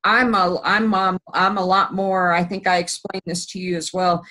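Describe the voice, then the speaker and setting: A woman hosting an interview, talking hesitantly with many pauses and restarts. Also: lowish voice, flat delivery, sharp tone, low-quality recording. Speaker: host. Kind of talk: casual interview.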